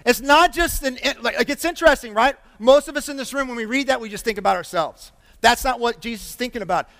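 A man preaches, his voice sitting unusually high for a man. He is animated and emphatic, drawing his congregation in with questions and calls for amens. The sound carries a long reverb, as from a large church hall. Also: fast talker. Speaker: pastor. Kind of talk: sermon.

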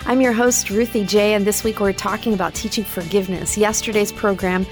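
A woman's voice: medium pitch, fairly even intonation, fairly quick, soft background music. A woman hosting a Christian radio show, friendly and conversational, with short affirmations.

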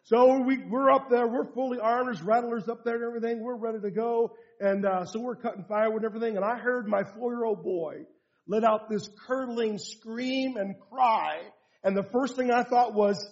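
A man's voice: very high-pitched, fairly quick, dull audio. A man preaching as a pastor, quoting scripture and telling a story from his family life in an earnest sermon. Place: church rally hall.

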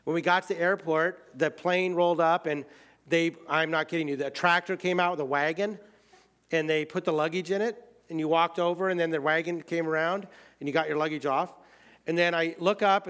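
An American man with a fairly high pitch and moderate pace tells a personal travel story casually, using lots of fillers. He swings between excited outbursts and quiet, hushed moments.

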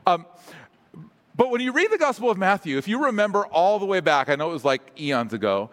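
A man's voice: high-pitched, very animated, a little fast, fairly bright tone. A man preaching a sermon as pastor, casual and self-deprecating, with humorous asides. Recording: long hall reverb.

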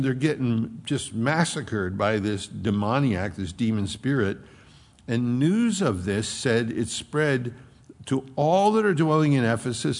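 Gravelly pastor preaching slowly. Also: male voice, mid-range voice, a little mellow. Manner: conversational teaching, explaining scripture with asides. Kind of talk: sermon. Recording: reverberant hall.

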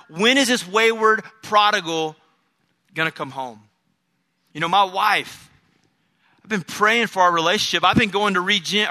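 A man's voice: high-pitched, sharp tone. A middle-aged man preaching a sermon, telling stories, acting out the voices of the people he quotes, and repeating key phrases for emphasis. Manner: storytelling, quoting imagined voices, emphatic repetition. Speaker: pastor.

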